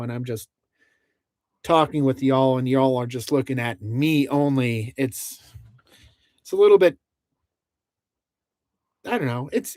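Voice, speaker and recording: A man's voice: mid-range voice, darkish tone, no room sound. Host, male, casual livestream talk, rambling and chatty, dry close sound. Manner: rambling, many restarts, laughs between lines. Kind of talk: casual livestream chat, reading out viewer comments. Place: inside a truck camper.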